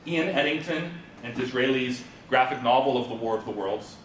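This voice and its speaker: A man giving an informal conference presentation, talking the audience through a story and asking them questions. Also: moderate pace. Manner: informal lecturing with fillers, asks the audience questions. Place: presentation room at a symposium. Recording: roomy, from a distant mic, faint rumble.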